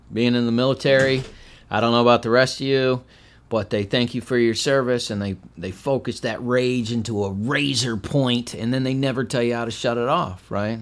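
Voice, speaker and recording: Wry, deadpan male storyteller. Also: medium pitch. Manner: swings from loud, animated telling to quiet, heavy tones. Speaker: veteran sharing his life story. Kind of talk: personal spoken testimony.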